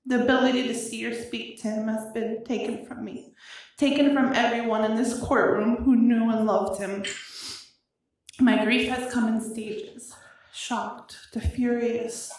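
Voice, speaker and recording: A woman's voice: fairly high pitch, steady tone, darkish tone. Grieving woman reading in an echoey courtroom. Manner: emotional, halting, voice wavering with grief. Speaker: victim's sister giving an impact statement. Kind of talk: reading a prepared statement aloud. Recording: echoey courtroom audio from far off.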